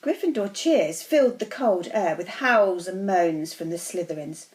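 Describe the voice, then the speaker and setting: Teacher reading a story aloud. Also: female voice, fairly low pitch, a little slow, hardly any pauses, low-quality recording. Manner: steady, expressive storytelling.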